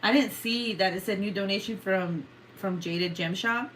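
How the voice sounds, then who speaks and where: A woman's voice: medium pitch, normal speed, fairly bright tone, slight background noise. A woman hosting a casual livestream, joking with viewers, swearing freely and often breaking into laughter. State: coughing. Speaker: livestream host.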